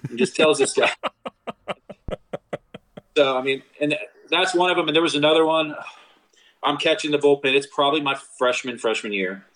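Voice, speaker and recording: A man's voice: a little fast, poor audio. A young man, a former college baseball catcher, telling stories in a casual chat and acting out the quotes with big jumps in his voice. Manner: animated storyteller, acts out quotes with big pitch jumps.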